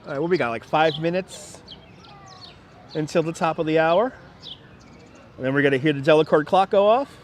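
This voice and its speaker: Male livestream host, casual and rambling, slightly higher voice, outdoors on a clip mic with faint city noise. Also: normal speed, long pauses. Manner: chatty and rambling, with frequent laughs and restarts. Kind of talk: casual livestream chat, reading viewer comments aloud. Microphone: wireless clip-on mic. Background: faint city park ambience with birds.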